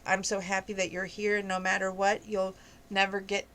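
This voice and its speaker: A woman's voice: medium pitch, completely flat delivery, normal speed, fairly bright tone, slight background noise, natural voice, low-quality recording. Woman reading as a devoted middle-aged stepdad. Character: devoted middle-aged stepfather, calm but stirred.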